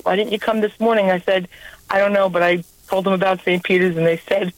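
A woman's voice: mid-range voice, little pitch movement, fast, no echo, poor audio. A woman caller with a New York accent telling a personal faith story on a call-in radio show, earnest and heartfelt. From New York area. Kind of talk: call-in testimony.

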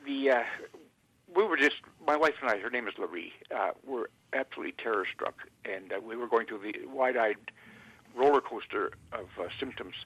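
A man from Canada, a guest in an interview, speaking haltingly with many fillers and restarts. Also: medium pitch, a bit bright, slightly rough, no room sound, low-quality recording.

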